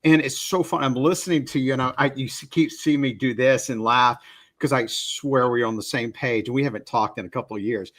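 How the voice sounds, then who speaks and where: A man's voice: medium pitch, a little fast, fairly bright tone. Easygoing man hosting a podcast. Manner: easygoing and affirming, telling coaching anecdotes. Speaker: podcast host. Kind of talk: casual interview chat.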